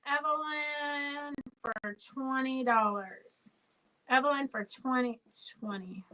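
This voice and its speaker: Woman, shop owner, live sale host, high voice, bright tone, rambling chatty calls, a bit distant from the mic. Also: slow pace. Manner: chatty, rambling, calling out winners' names. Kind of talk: live sale stream, casual chat and auction calling. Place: indoor fabric shop.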